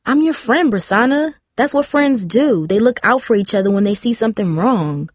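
A woman's voice: on the high side, animated, moderate pace, no echo, studio quality, voice pushed up. A woman reading the part of a cautious, caring teenage girl in a storybook, earnest and pleading.

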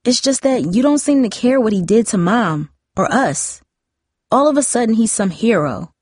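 An earnest teenage older sister, as a woman reading a story puts her on. Her voice sits higher, in a dry, close recording. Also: lively intonation, normal speed, no echo. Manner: earnest, hurt and sharp by turns.

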